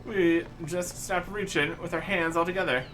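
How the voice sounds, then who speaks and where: A man voicing a rowdy, boozy middle-aged sailor who rambles cheekily in rough old-salt dialect. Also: high-pitched, fairly even intonation, moderate pace, a bit bright, poor audio. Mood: boisterous.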